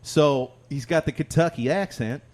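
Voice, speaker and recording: A man, a podcast co-host and songwriter, telling a long story in relaxed chat, laughing often. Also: on the high side, moderate pace. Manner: rambling, animated storyteller who laughs often.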